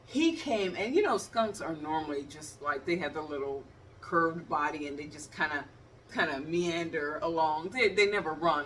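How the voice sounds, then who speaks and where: A Cleveland-area vlogger in her fifties talks to the viewer in a low, slightly bright voice at normal speed, telling funny stories and acting out the scenes. The mic sits at a distance and picks up a bit of background noise.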